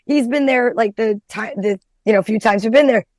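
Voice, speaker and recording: A high-voiced middle-aged woman comedian chats bluntly and profanely, telling story after story. Her voice sounds close and dry, with no room around it. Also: moderate pace, a little mellow, dry recording. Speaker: stand-up comedian, podcast guest. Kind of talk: casual podcast chat.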